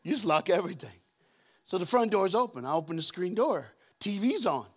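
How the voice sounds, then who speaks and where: Animated preacher man. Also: fairly quick, husky. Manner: animated, acts out scenes with shouted high voices and deep voices. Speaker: guest preacher. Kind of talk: storytelling sermon. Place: church auditorium.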